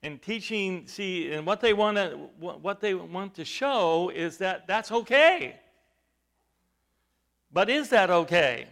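A man preaching a sermon, halting with fillers at times and then rising to loud, stressed points. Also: high-pitched, lively intonation.

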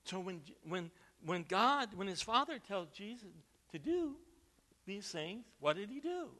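Bright-voiced, slow preaching man. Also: sits high, big pitch swings. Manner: emphatic, rising to loud stresses, repeats words. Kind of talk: sermon.

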